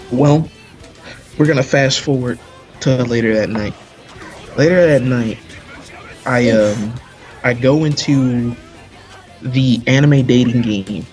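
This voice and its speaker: A man telling a long story in casual chat during a live game stream, animated and full of slang. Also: mid-range voice. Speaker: stream commentator.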